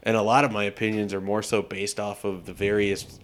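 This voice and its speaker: A man's voice: on the low side, flat delivery, fairly quick. A man hosting a sports podcast, talking casually and easily with a chuckle now and then. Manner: easygoing, chuckles, many restarts. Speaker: podcast host.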